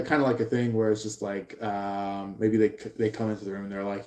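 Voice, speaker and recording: A man giving a live tarot reading, rambling and halting with many fillers. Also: on the low side, steady tone, mellow. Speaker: tarot reader. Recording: roomy echo.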